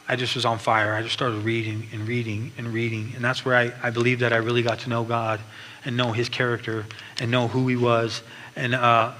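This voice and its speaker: A man with a medium-pitched, sharp-toned voice gives an earnest personal testimony at church, often restarting as he tells his story. He's in a large church hall, and the recording carries long hall reverb and faint background noise.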